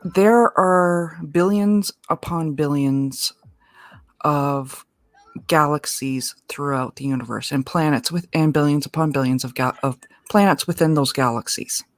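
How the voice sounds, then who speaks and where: A woman guest in a casual livestream chat, opinionated and quick to laugh, often restarting her words. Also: low voice, no room sound.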